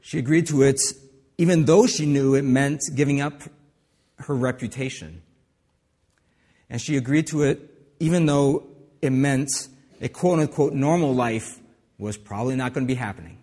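Male pastor, sermon, conversational, self-correcting, mid pitch, long hall reverb. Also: normal speed, pauses often, dark tone. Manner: conversational preaching with asides and restarts.

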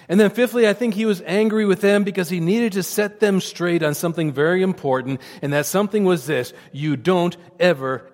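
A man preaching a sermon as pastor, earnest and animated, often repeating words as he explains. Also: a little high, in a large hall.

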